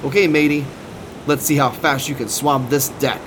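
A man voicing a bold, gruff male ship's captain in a storybook, with a booming, bossy delivery. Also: moderate pace, close to an everyday voice. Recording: steady background noise.

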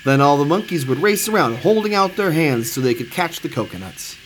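A man reading a children's storybook aloud, expressive and sing-song. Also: on the high side, brisk, low-quality recording. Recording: steady background noise.

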